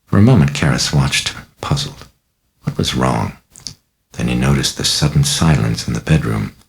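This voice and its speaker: A man reads a dark novel aloud with measured, dramatic gravity. His voice sits extremely low, with a rough, gravelly texture running through the lines. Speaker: narrator, author reading own novel. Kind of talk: scripted audiobook narration.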